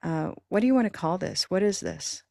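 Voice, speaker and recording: A woman's voice: fairly low pitch, expressive, brisk, gravelly, mellow, dry recording, clean studio sound. Upbeat woman presenting a teacher workshop. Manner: upbeat, encouraging, demonstrates with objects. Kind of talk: online teacher training talk. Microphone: video call.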